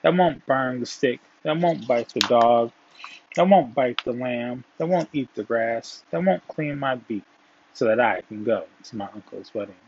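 A man's voice: medium pitch, expressive, a little slow, slightly rough, dry recording. A man voicing an anxious little rooster who pleads and repeats his requests. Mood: pleading. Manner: pleading, repetitive. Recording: dull, dry, lo-fi.

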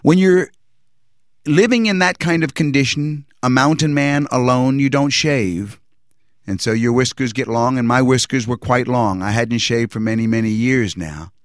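A man recounts a personal religious testimony in an earnest, reflective tone. His voice sits at an ordinary middle pitch. The recording is dry and close, and he often pauses and restarts as he remembers. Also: dry recording.

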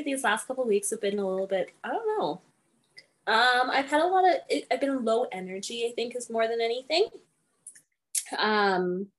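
A woman co-hosting a podcast, chatting in an easygoing way with lots of ums and uhs. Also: a little high. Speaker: podcast co-host. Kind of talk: casual chat.

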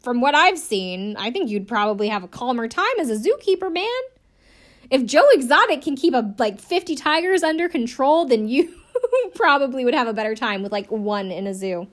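A young adult woman hosting a casual podcast recap, chatty and rambling, with many "like" fillers and wry asides. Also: mid-range voice. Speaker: podcast host. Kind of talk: casual recap of a reality show.

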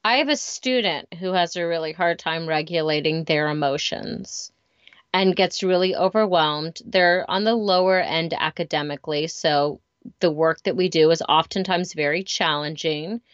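At a moderate pace, a woman with a low, clean-toned voice chats casually and candidly about her experiences as a parent and teacher, storytelling with frequent fillers. The lo-fi audio is a little dull and has no room sound.

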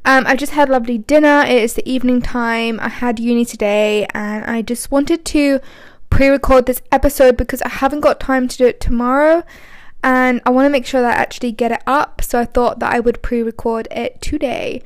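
A woman's voice: fairly high pitch, steady tone, a little fast, no room sound. A young woman in her twenties hosting a solo podcast, talking casually and rambling with frequent ums. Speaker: podcast host.

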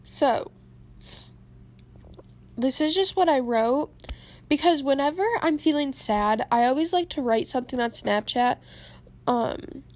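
A tearful young woman rambling through a personal story to camera, halting and close to crying. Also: high-pitched, darkish tone. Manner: rambling, halting, many pauses. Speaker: vlogger.

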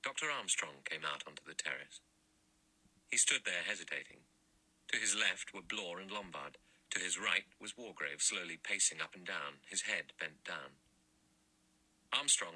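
Deep husky male audiobook narrator. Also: sharp tone, poor audio. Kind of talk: scripted narration.

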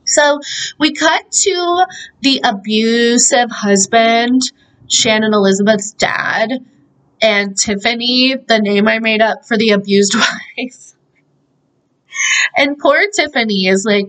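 This podcast host, a young woman, runs through a film recap in a chatty way, dotted with fillers and laughing asides. Her voice is on the high side, slow, and a bit bright, over poor audio.

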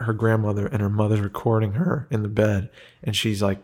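A man's voice: fairly low pitch, steady tone, moderate pace, a little mellow. A man in casual chat, emotional and swearing often, acting out the people in his story. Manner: emotional, swears freely, acts out quoted lines.

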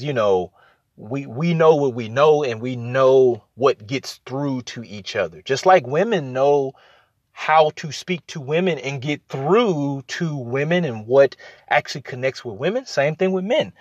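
A man's voice: medium pitch, no room sound, dull audio. A man talking casually about listening in relationships, repeating his points and acting out little exchanges as he goes. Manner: conversational, repeats phrases for emphasis, acts out quoted exchanges. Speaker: podcast host. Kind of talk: casual advice talk.

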